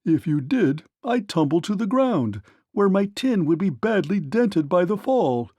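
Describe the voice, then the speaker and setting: A man's voice: high-pitched, very animated, unhurried, a little mellow, no room sound, voice pushed up, heavily acted. Man doing an anxious tin woodman. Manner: anxious and careful. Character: anxious stiff male tin woodman, polite.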